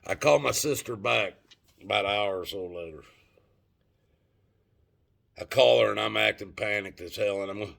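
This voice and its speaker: A man's voice: lowish voice, normal speed, creaky, pauses often, fairly bright tone. A middle-aged man telling a story and ranting to his viewers in a rambling, profane, casual way. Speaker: vlogger.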